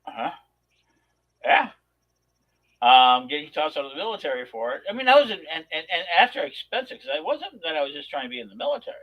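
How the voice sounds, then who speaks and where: A man on a talk show telling a long personal story in a rambling, animated way, with many restarts. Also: a little high, quick pace, highs cut off. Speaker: podcast co-host. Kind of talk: casual storytelling chat.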